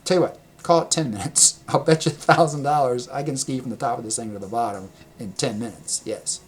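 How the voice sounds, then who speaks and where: A man casually telling a personal travel story, rambling and correcting himself, laughing often and getting animated when he quotes people. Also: medium pitch, fairly quick, husky. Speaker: vlogger.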